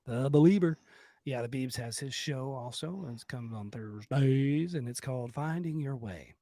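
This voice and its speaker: A man's voice: mid-range voice, moderate pace, dark tone, no echo. A man co-hosting a comedy podcast, rambling with crude jokes and lots of fillers. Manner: vulgar, joking, rambling with fillers. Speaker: podcast co-host.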